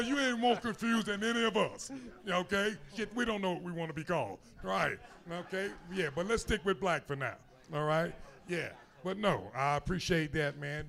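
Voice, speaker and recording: A man's voice: a little high, gravelly, fairly bright tone. A man on a convention panel answering a fan's question in an emphatic way, often checking in with the room and swearing casually. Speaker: wrestler panelist.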